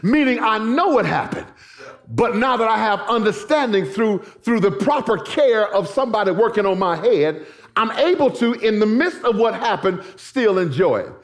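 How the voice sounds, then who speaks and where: A man's voice: high voice, animated, normal speed. A middle-aged male pastor preaching a sermon in church, telling stories with folksy asides to the congregation. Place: church sanctuary.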